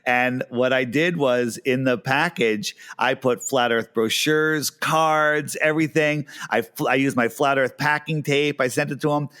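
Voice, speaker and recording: A middle-aged man with a voice of ordinary pitch, chatting casually and eagerly. He tells anecdotes and slips into the voices of the people he quotes, restarting his sentences often. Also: unhurried, few pauses, bright, forceful tone, clean tone. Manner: enthusiastic storyteller, acts out quoted dialogue; frequent fillers and restarts. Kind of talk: casual conversation.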